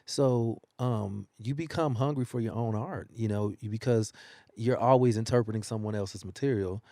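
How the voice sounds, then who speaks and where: A man's voice: lowish voice, normal speed, no room sound, clean studio sound. A man, a working singer, talking about his career in a casual interview and telling stories with frequent laughter. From United States. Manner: animated storytelling, laughs often. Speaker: singer and guest. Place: newspaper studio.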